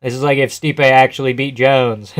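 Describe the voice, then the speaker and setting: A young man streaming live, chatting loosely to his viewers. His pitch sits in the ordinary middle for a man. He laughs often, swears freely and answers chat between remarks. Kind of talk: casual live-stream commentary.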